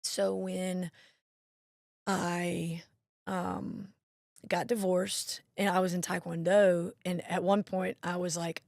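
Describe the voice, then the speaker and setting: Chatty woman with a gravelly edge. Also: on the low side, flat delivery, slow, darkish tone, no room sound, studio quality. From Mississippi. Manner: chatty storyteller, acts out quoted voices. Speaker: interview guest, National Guard marketing director. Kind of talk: casual interview chat.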